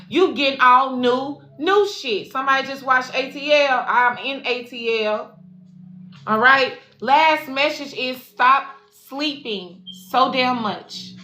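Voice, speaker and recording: Her voice a little high, pushed and bright, a spiritual life coach and intuitive reader gives viewers a casual, profane, affectionate reading, calling them y'all and baby. The tarot livestream is recorded in an echoey room with faint music behind her.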